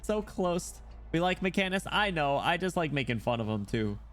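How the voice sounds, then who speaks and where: A man live-streaming as he reads a game story, breaking off into excitable reactions, laughing and swearing freely. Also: on the high side, brisk, faint music behind.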